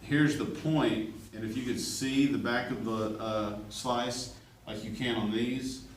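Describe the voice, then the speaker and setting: A man's voice: medium pitch, fairly even intonation, takes it slowly. A male art teacher, chatty and joking as he demonstrates a drawing and checks in with his class. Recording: echoey classroom from far off, faint room noise.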